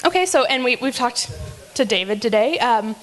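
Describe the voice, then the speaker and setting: A woman's voice: fairly high pitch, animated, normal speed, fairly bright tone. Giggly woman roasting people on stage. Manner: teasing, giggly, many fillers. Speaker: roast emcee. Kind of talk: live comedy roast.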